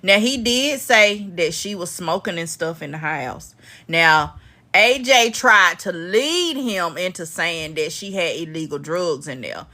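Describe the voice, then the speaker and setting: A woman hosting a casual live-stream recap, chatty and animated as she talks to her viewers. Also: lowish voice, unhurried.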